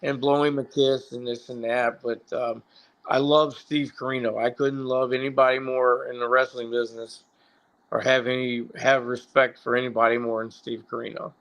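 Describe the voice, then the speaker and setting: A man's voice: medium pitch, flat delivery, moderate pace, a bit bright. A middle-aged man, a former pro wrestler, telling stories casually with swearing and frequent self-corrections. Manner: rambling, profane, self-correcting. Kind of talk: casual storytelling.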